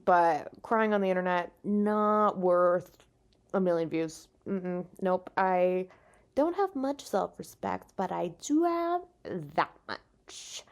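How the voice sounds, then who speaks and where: Slow-paced yet animated, with a fairly low voice, a stand-up comic hosts her solo podcast from bed while exhausted, swearing freely and venting in a frank, self-deprecating way. She has no podcast microphone and records on a makeshift mic.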